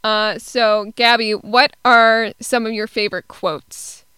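A woman co-hosting a podcast, chatting casually about a film and pausing often with ums. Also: fairly high pitch, clean tone, dry recording, clean studio sound. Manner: relaxed, hesitant with many ums. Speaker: podcast co-host. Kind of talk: casual film review chat.

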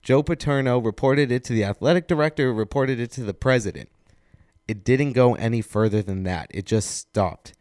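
A young man hosting a college sports radio show, talking in an earnest, somber and steady way into a studio mic. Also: medium pitch, normal speed, no echo.

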